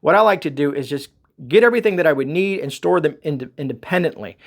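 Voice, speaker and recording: A man's voice: a little high, lively intonation, quick pace, creaky. A man hosting a casual grocery haul video, talking in a folksy, rambling way and calling his viewers folks. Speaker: homestead channel host.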